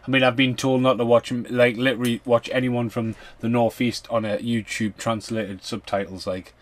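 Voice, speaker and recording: A man talks loosely through a film commentary, chatty and casual, dropping fillers and the odd curse. His voice sits at a middle pitch. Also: little pitch movement, normal speed. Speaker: podcast co-host.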